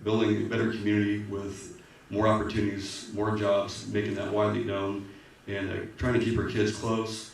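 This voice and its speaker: A man's voice: lowish voice, vocal fry. A man giving an earnest, emotional candidate's speech at a public forum, often restarting his sentences. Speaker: political candidate. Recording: echoey hall from far off, faint noise.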